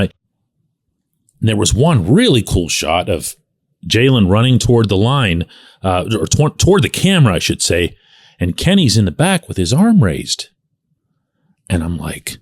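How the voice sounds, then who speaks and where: A middle-aged man hosting daily sports commentary, telling stories in an animated way and acting out quotes. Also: no room sound, clean studio sound. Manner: animated storyteller, acts out quotes with big pitch jumps. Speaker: sports columnist and show host.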